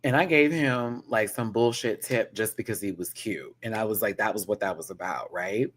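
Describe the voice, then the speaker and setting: A young man telling a vlog storytime, dramatic and full of slang, with bursts of high laughter. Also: moderate pace, fairly bright tone. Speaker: vlogger. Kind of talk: animated storytime rant.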